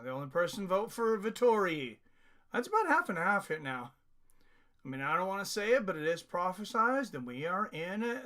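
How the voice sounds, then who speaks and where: On a casual live stream, a man with a bright, forceful, rather high voice hosts a fight watch-along. He chats and reads viewer comments aloud, laughing often.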